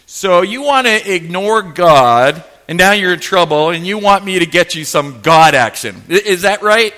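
A man's voice: high voice, lively intonation, takes it slowly, a bit bright, full character voice. A preacher acting out a cocky adult male prophet who mocks and taunts his rivals. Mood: mocking. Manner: mocking, swaggering.

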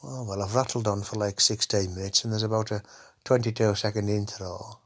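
Fairly quick and fairly even in intonation, a lower-voiced man hosts a comedy podcast. He rambles crudely through a casual monologue, swearing constantly and finishing lines with "eh?".

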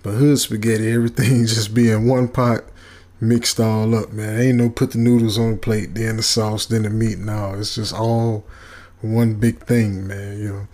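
A man's voice: lowish voice, level tone, normal speed, darkish tone. A man casually retelling a comic horror story in a loose, rambling way, full of fillers. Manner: loose, rambling, laid-back, with many fillers.

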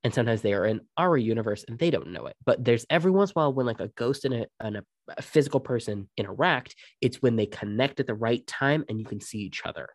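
A young man co-hosting a podcast, casually telling ghost stories and swearing freely in relaxed chat. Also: medium pitch, fast, no echo, clean studio sound. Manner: relaxed, swears freely, quotes others in his own voice. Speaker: podcast co-host.

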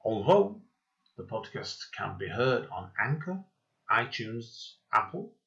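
A man's voice: medium pitch, big pitch swings, slow pace, creaky, fairly bright tone, lo-fi sound. A man hosting a podcast interview over a video call, chatty and rambling, laughing often and interrupting himself. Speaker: podcast host. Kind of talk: casual interview chat.

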